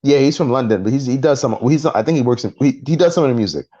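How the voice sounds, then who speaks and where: A man co-hosting a casual podcast chat, recounting a story in an animated way and acting out the voices of the people in it. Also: medium pitch, quick pace, no room sound, lo-fi sound. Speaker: podcast co-host.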